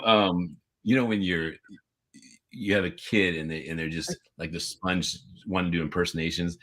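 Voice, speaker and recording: A man co-hosting a podcast in casual chat, jokey and quick to laugh. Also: rumbling low, a bit bright. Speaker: podcast co-host.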